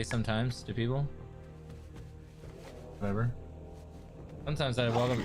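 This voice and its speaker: A man's voice: medium pitch, unhurried, pauses often, over music. A man chatting casually on a livestream, blunt and swearing freely. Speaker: streamer.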